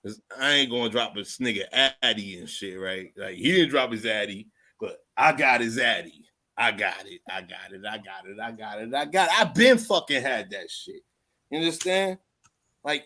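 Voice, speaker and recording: A man hosting a livestream, talking off the cuff in a profane, rambling way, repeating phrases and swinging from low muttering to loud outbursts. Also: animated, moderate pace. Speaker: livestream host. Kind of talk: unscripted livestream rant.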